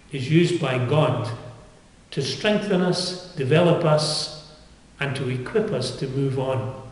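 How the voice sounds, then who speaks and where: An older man preaching a sermon, with earnest, dynamic delivery that surges up in pitch and volume. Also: slight background noise. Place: chapel. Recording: echoey chapel with long reverb.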